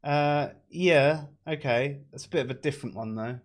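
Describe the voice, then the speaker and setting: A man's voice: on the high side, moderate pace. A man hosting a casual chat, rambling and swearing freely. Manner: rambling, swears, laughs often.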